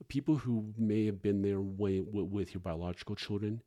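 A middle-aged man, a foster parent, talking candidly and earnestly as a podcast guest, often pausing and restarting. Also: fairly low pitch, fairly even intonation, mellow. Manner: earnest, halting, frequent restarts and fillers.

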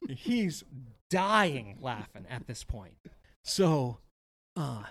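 A man co-hosting a podcast, telling a golf story in casual chat, animated and profane, acting out what people said. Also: fairly high pitch, slow. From Wisconsin. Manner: animated, profane, acts out quotes. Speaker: podcast co-host.

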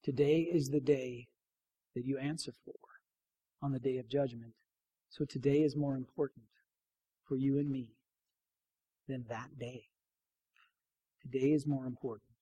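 A middle-aged man preaching a sermon in a church, emphatic, repeating key phrases and dropping to a near hush for stress. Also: mid-range voice, steady tone, unhurried, long pauses, breathy edge, lo-fi sound. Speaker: pastor.

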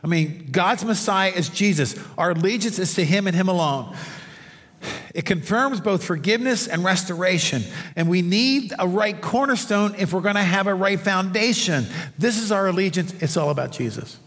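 The recording carries a long hall reverb as a pastor tells stories and offers asides during a conversational sermon, set in a sanctuary beneath stage lights. His voice sits high with a fairly bright tone, expressive and delivered at a moderate pace.

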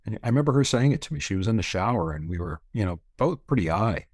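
A middle-aged man from Canada talks through his life story in a relaxed, rambling way, full of "you know" and casual swearing. His voice sits very low. The recording is dry, with no room sound. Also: fast talker, no echo. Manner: candid, rambling, swears freely, many fillers. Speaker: podcast guest.

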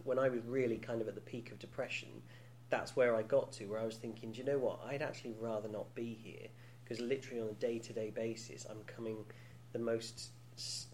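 A man's voice: mid-range voice, a little mellow. Guy in his 30s on a podcast, open and chatty, laughs a lot, bit of hum in the back. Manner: candid, laughs often, many restarts. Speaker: podcast co-host. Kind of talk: casual podcast chat.

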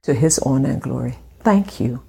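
A woman with a Liberian accent giving a slow, deliberate devotional talk as the host of a faith channel, dropping into soft whispered asides. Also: a bass voice, expressive, creaky, breathy edge. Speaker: faith vlogger.

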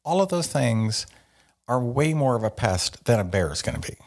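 A man's voice: mid-range voice, big pitch swings, normal speed. A man co-hosting a podcast, chatting casually and rambling with lots of fillers and jokes. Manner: rambling, filler-heavy, joking. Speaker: podcast co-host. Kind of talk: casual chat.

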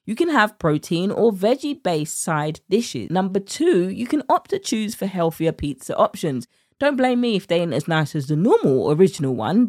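A woman's voice: lowish voice, a little mellow, dry recording, studio quality. A British woman hosting a weight-loss podcast as a coach, chatting casually with punny jokes and rhetorical questions.

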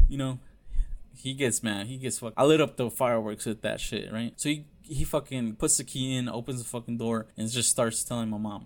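A man recounts a painful family story in a loose, confessional way. His talk is full of fillers and swearing, and his voice sits at an ordinary middle pitch. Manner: loose, profane, many fillers; frank and confessional. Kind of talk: casual personal storytelling.

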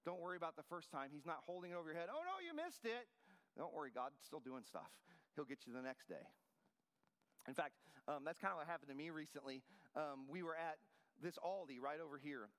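A man's voice: a little high, brisk, fairly bright tone, long reverb tail. A man in his forties preaching a sermon, telling a personal story in a conversational style. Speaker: pastor.

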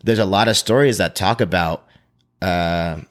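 Low-voiced man telling a story, animated. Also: measured pace. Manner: animated, profane, acts out quotes. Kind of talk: casual storytelling chat.

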